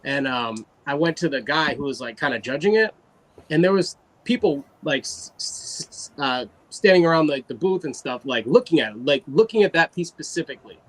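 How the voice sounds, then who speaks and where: Animated man telling a story. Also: a little high, poor audio. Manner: animated, loose anecdote with fillers. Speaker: guest artist. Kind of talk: casual storytelling.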